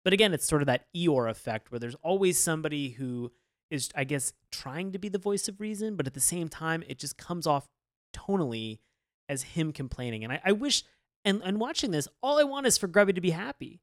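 An animated podcast co-host in casual chat whose pitch swings widely as they talk. They swear freely and go big in the telling. The sound is dry and close, with no room around it. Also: brisk, no room sound.

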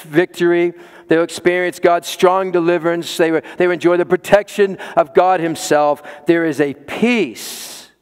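A man's voice: sits high, smooth, long reverb tail. A man preaching a sermon as pastor, emphatic, repeating words for stress and pressing his listeners with questions.

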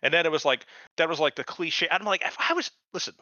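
Forceful middle-aged man ranting profanely. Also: fairly high pitch, fast, no room sound. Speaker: podcast co-host. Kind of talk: casual chat. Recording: dull lo-fi podcast mic.

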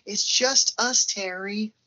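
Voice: mid-range voice, slow pace, sharp tone, voice pushed up. A podcast co-host voicing a doting, unhinged mother who coos baby talk over her son, on dull lo-fi audio. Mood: cooing, doting. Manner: sing-song baby talk.

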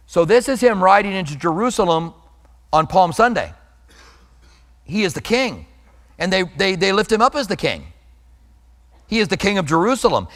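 A man preaching a sermon, reading scripture aloud and leaning hard on slow, emphatic words. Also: fairly high pitch, fairly bright tone, long reverb tail. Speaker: pastor.

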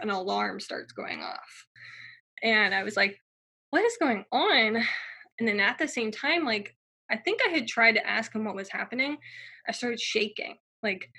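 A woman's voice: medium pitch, bright, forceful tone, husky. A young woman telling her personal story in a casual, chatty way, full of fillers and acted-out quotes.

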